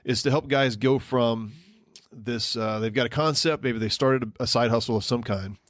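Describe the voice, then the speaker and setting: A man's voice: mid-range voice, moderate pace, fairly bright tone, no echo. A man co-hosting a podcast, chatting casually and rambling a bit with ums and restarts. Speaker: podcast co-host.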